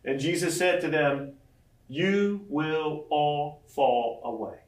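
Man, pastor, sermon, animated, acts out quotes, slightly high voice, distant mic. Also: slow. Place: large room with audience. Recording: echoey room from far off.

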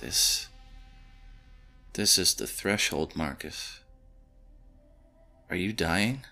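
A man voicing a weathered, wry bearded man who talks in a hushed, joking drawl. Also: lowish voice, measured pace, gravelly, faint music behind, heavily acted.

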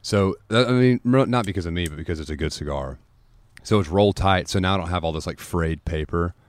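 Very low-voiced podcast host. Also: male voice, brisk, no echo. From Kansas. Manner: relaxed, explanatory, walks a guest through steps. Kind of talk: casual podcast chat. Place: outdoors.

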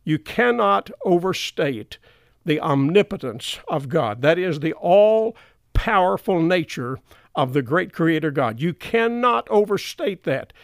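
Earnest preacher with repeated emphasis. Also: male voice, on the high side, very animated, unhurried, vocal fry, no room sound, clean studio sound. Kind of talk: sermon.

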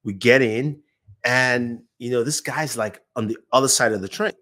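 A man's voice: mid-range voice, moderate pace, bright, forceful tone. A man, a YouTuber guest, telling anecdotes in casual chat, acting out the voices of people he quotes and laughing often.

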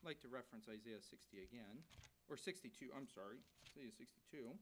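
A man's voice: mid-range voice, fairly quick, a bit bright, a little hiss or hum, poor audio. A man preaching as a guest speaker, teaching through a Bible passage and often restarting his phrases. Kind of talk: sermon.

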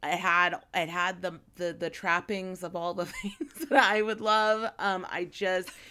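A woman's voice: fairly low pitch, unhurried, bright, forceful tone, smooth. A woman co-hosting a casual book podcast, chatty and rambling with many fillers and restarts. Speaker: podcast co-host.

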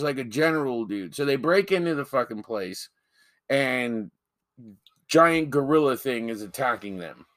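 A man's voice: medium pitch, a bit bright, no echo, studio quality. A man co-hosting a podcast, chatting casually about a movie with profane, joking, mock-outraged remarks. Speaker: podcast co-host. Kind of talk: casual movie-review chat.

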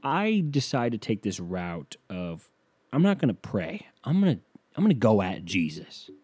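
A man hosting a podcast, delivering a casual comedic monologue in a profane, ranting way that breaks into mock yelling. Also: lowish voice, huge pitch swings, moderate pace, husky, no echo. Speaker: podcast host.

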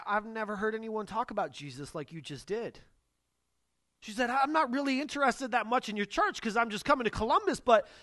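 A young adult male pastor preaching a sermon, telling personal stories in an animated way and acting out the dialogue. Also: very high-pitched, no room sound. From Northern US. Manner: animated storytelling, acts out dialogue.

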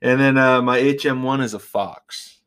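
A man's voice: medium pitch, fairly even intonation, normal speed, fairly bright tone, clean tone. A young man co-hosting a casual podcast chat, telling a funny story, laughing often and making silly animal noises. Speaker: podcast co-host.

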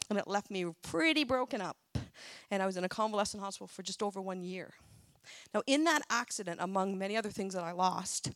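Her medium-pitched voice carries an earnest, emotional personal testimony, occasionally tearful, as a middle-aged woman speaks at church. There is no echo.

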